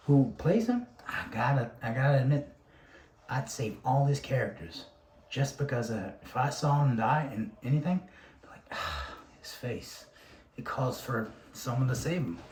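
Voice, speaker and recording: A man's voice: medium pitch, a little mellow. A man rambling through a casual monologue, swearing freely and sighing between thoughts. His voice sits in the middle of the male range. The room is roomy and echoey, with a faint hum of ambience behind him. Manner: profane, rambling, frequent sighs and restarts.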